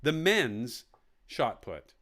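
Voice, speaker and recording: A man's voice: mid-range voice, sing-song, drawn-out words, a bit bright. A man hosting a live online quiz, reading out questions and answer options and repeating them with jokey asides. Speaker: quiz host.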